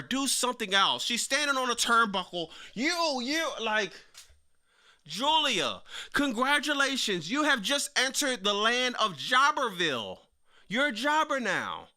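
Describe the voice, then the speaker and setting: A man's voice: high voice, pushed and bright. A young man hosting a casual live stream, talking in slang and reacting to his chat. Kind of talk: casual wrestling commentary livestream.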